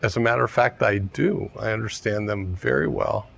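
A man's voice: lowish voice, normal speed, gravelly, a bit bright. A man quoting an earnest young scholar monk in a story, in his own voice.

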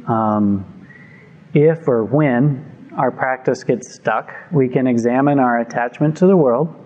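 A man giving a calm, measured talk on meditation to a group, speaking into a microphone. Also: mid-range voice, highs cut off. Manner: calm, measured, gently reflective. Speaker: meditation teacher. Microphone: microphone before a group.

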